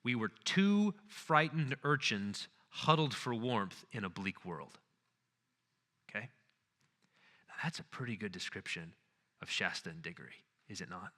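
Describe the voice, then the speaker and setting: A man's voice: lowish voice, lively intonation, a little slow, long pauses, pushed and bright, in a large hall. A man giving a conference lecture, retelling a story earnestly and checking in with the audience. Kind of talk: lecture on literature and faith.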